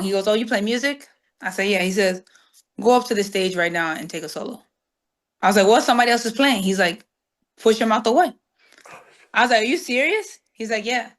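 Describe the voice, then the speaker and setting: A woman guest, telling stories in an interview and acting out the voices of the people in them. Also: medium pitch. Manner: animated storyteller acting out quoted dialogue. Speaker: guest saxophonist. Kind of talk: storytelling interview.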